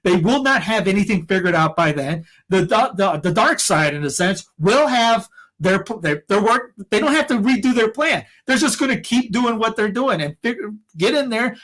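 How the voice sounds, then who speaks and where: This podcast co-host has a high, expressive voice, a fairly bright tone, and a moderate pace. In casual opinion chat he gets heated and rambly, frequently restarting and using fillers.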